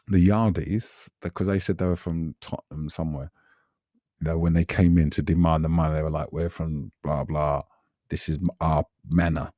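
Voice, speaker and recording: A man, telling a story on a podcast in a casual, animated way, repeating himself and adding asides. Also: deep voice, no echo, clean studio sound. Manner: animated, repetitive retelling with frequent asides. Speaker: podcast guest recalling past events.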